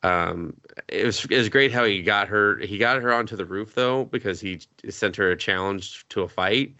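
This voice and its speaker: A man chats casually on a podcast, rambling through a story and cursing freely. His voice sits on the low side, and the sound is dry and close with no room echo. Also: moderate pace, pushed and bright, lo-fi sound. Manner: rambling, swears freely, acts out characters' lines. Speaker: podcast co-host. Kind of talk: casual anime recap chat.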